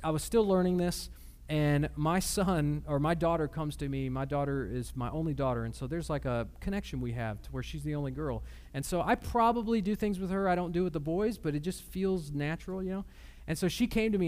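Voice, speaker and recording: A man's voice: a little high, darkish tone. A man in his thirties preaching a sermon in a conversational, emphatic way, telling personal stories. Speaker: pastor.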